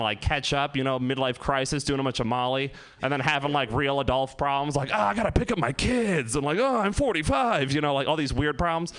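A man's voice: fairly high pitch, a bit bright, clean tone. Young male comic for a club set: casual, crude, giggly storyteller with a clean, resonant tone. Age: 20s. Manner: loose, laughing, profane storytelling. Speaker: stand-up comedian. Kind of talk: stand-up comedy set.

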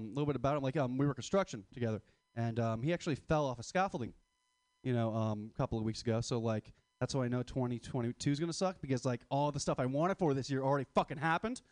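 A young man in his twenties works through a stand-up set in a crude, rambling, self-mocking way. His voice sits a little high for a man, and the sound is close and dry. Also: no room sound. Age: 20s. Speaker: stand-up comic.

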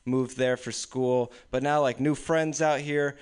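A young man in his twenties telling casual, deadpan stand-up stories at an open mic. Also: medium pitch, measured pace, clean tone. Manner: casual, deadpan storytelling with frequent laughs. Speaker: stand-up comedian. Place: small room with few people. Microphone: stage microphone.

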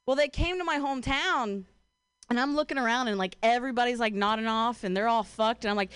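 A young stand-up comedian from Ohio, USA, works through her set in a loose, profane, self-deprecating ramble, leaning on "like" and "you know." Her quick voice sits a touch high, a bit bright, clear and resonant. The sound is dry and close to the mic, with no room sound.

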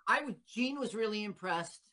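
A man hosts a comedy interview, asking his guest questions and adding short, encouraging remarks. His pitch rises and falls a lot as he talks. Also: animated, normal speed, crowd noise. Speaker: comedy show host.

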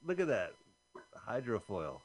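A man's voice: on the low side, sing-song, unhurried. A man co-hosting a radio show, casually commenting on a film as he watches and explaining scenes with the odd swear. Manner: laid-back, swears casually, explains as he goes.

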